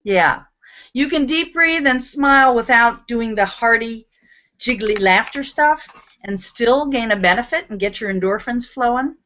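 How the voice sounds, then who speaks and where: A woman hosts a live talk show, leading the audience in laughter exercises in an upbeat, coaxing way. Her voice is on the high side, animated and sharp, a little slow, and the lo-fi audio sounds dull.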